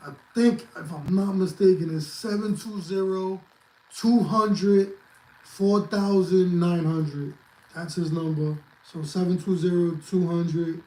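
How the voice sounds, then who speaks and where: Male guest, high voice, blunt and cursing, echoey room. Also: warm tone. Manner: blunt, profane, emphatic advice-giving. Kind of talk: casual livestream chat.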